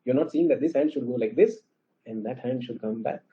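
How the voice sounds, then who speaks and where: A male teacher with an Indian English accent lectures a class briskly in a mid-pitched voice. He's animated and frequently asks questions to check the students are following. The recording is muffled and lo-fi.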